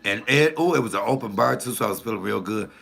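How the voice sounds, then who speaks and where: A man, a comedian, telling profane, animated stories casually to his channel's viewers. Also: lowish voice, fast, vocal fry. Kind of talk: casual storytelling to camera.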